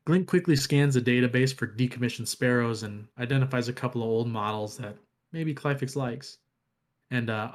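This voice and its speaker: A man co-hosting a podcast, casually retelling game lore and reading passages aloud, with some fillers. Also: medium pitch. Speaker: podcast co-host.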